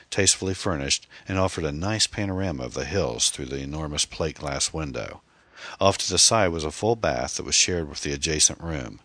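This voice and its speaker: A man reading a mystery novel aloud as audiobook narrator, measured and steady, on a close mic. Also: a bass voice, no room sound.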